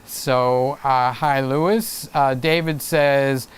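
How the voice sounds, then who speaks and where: Hosting a casual livestream, this middle-aged man speaks slowly in a voice on the high side, with lively intonation and a clean tone. He reads out viewer comments in a folksy, chatty manner, full of restarts and laughter.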